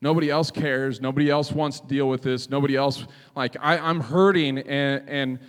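A man's voice: medium pitch, steady tone, normal speed, big-room sound. A male pastor preaching a conversational sermon, often checking in with "right?".

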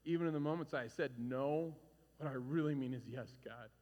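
A man in his forties preaching a sermon as a pastor, animated and conversational, acting out stories with shouts. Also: mid-range voice, moderate pace, muffled recording. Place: church hall. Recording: reverberant hall.

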